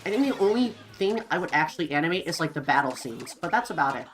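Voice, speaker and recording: Lively rambling young woman streamer. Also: low-pitched, quick pace, faint music behind, rough recording. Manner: rambling, filler-heavy, lively. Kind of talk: casual chat with viewers.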